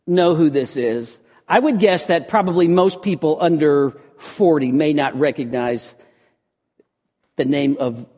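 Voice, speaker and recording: A middle-aged man preaching a sermon as pastor, telling stories with lively animation and dropping to a hushed voice for prayer. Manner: animated storytelling, voice drops low and quiet for prayer. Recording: long reverb in a large hall.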